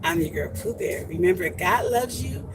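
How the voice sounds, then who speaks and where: A woman hosting a casual homesteading livestream, chatty and animated, greeting viewers warmly by name. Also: on the low side, moderate pace, noisy background.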